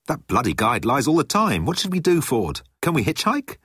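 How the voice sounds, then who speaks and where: A man voicing a sharp, impatient young woman who talks in a raised, exasperated way. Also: mid-range voice, huge pitch swings, normal speed, slightly rough, no room sound, studio quality, pitched above the performer's own voice, heavily acted.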